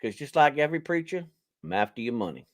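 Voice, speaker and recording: A man's voice: a little high, lively intonation, quick pace. A man, a preacher hosting a charity live stream from home, rambling and joking and laughing at his own lines. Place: home, indoors.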